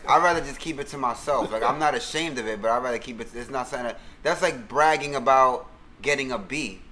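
A man's voice: medium pitch, fast talker, sharp tone, a little hiss or hum, poor audio. A man co-hosting a casual podcast, joking with dry, mock-pedantic asides. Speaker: podcast co-host. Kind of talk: casual banter.

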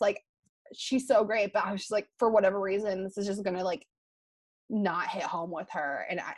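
A young adult woman hosting a podcast in a casual, chatty and animated way, with lots of "like" fillers. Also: medium pitch, no echo. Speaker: podcast host.

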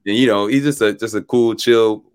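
A young man, a musician guest on an interview show, telling a story in a relaxed, animated way. He laughs often and acts out what people said. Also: lowish voice, normal speed, clean tone, dry recording.

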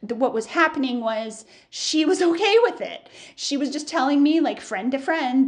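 A candid woman host talking through her own story in a relaxed solo podcast. Her voice sits a little high and her talk runs loose and chatty, full of fillers. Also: measured pace. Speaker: podcast host, small bakery owner.

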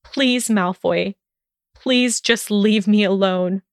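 A woman's voice: mid-range voice, slow, dry recording. Tearful young witch, mumbling and pleading, voiced by a woman narrator, dry sound. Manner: mumbling, pleading through sobs.

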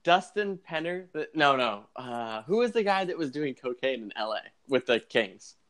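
A man's voice: mid-range voice, very animated, normal speed, a bit bright. A young man hosting a casual hockey podcast, rambling and chatty, with lots of fillers and restarts. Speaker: podcast host.

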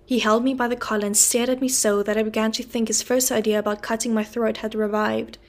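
A woman reading a classic novel aloud in an even, steady narrating voice. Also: fairly high pitch, fast talker. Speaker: audiobook reader.

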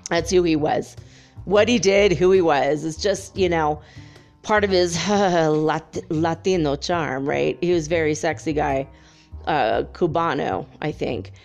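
A woman's voice: deep voice, measured pace, a little mellow. Woman, casual storytelling, chatty with lots of fillers, laughs often, faint music under.

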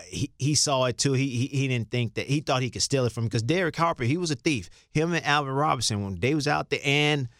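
In this casual interview, an older Chicago man who used to play basketball rambles as the guest, backing up to restart and voicing the lines he quotes. His voice is mid-range and a touch bright, captured in a clean studio with no room sound.

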